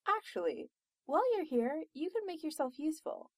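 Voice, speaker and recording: A woman's voice: high voice, very animated, moderate pace, dry recording, pitched above the performer's own voice. Cool posh young woman, as a woman reads her, composed, dry.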